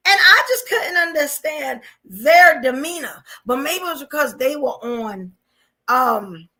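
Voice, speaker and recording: A woman, hosting a live podcast and giving blunt, animated commentary with frequent laughter. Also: high voice, a little slow. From New York. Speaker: podcast host.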